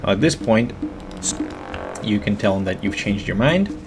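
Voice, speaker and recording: A man giving monotone, hesitant game walkthrough commentary with many fillers. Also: fairly low pitch, unhurried, music in the background.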